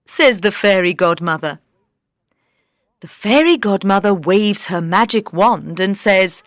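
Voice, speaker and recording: A woman narrating a fairy tale slowly and clearly for beginner English learners. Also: mid-range voice, no room sound, clean studio sound. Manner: slow, clear, expressive. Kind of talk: slow storybook narration for beginners.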